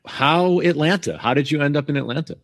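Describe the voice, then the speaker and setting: A man hosting an interview podcast, introducing his guest and asking curious, measured questions. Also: on the high side. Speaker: podcast host.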